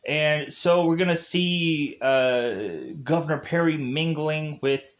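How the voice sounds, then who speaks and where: Guy reviewing a tv episode, kinda high voice, slow and rambly with lots of uhs. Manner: rambling, lots of fillers, laughs often. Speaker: TV show reviewer. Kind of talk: casual spoiler review.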